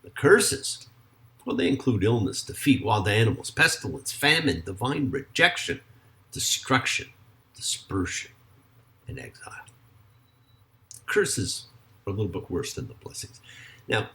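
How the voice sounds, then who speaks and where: A man, a rabbi, giving a sermon with slow, drawn-out stress on key words and parts of prayer sung. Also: on the low side, big pitch swings, bright, forceful tone. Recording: faint guitar music behind.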